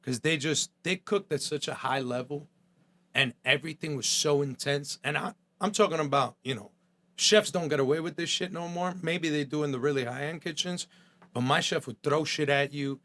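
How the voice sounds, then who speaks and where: A man's voice: on the high side, moderate pace, sharp tone. A middle-aged man from New Jersey, a chef guest on a podcast, telling his story bluntly and with profanity, often acting out quoted voices.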